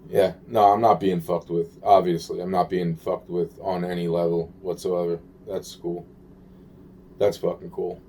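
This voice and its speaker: Man, personal monologue, profane, repetitive, agitated, lowish voice. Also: fairly even intonation, unhurried, darkish tone, slight background noise. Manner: agitated, profane, repeats himself.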